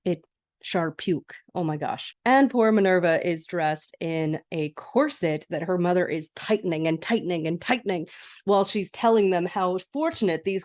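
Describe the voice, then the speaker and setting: A woman, hosting a podcast and excitedly recapping a movie scene by scene. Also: lowish voice. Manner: chatty, excitable, laughing asides. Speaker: podcast host. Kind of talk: casual movie rewatch recap.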